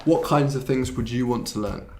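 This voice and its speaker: His voice is mid-range and mellow at a normal speed, and the recording carries a little hiss or hum. He's hosting an online English lesson live, casually chatting with a co-host, voicing viewers' questions, and using Korean to clarify.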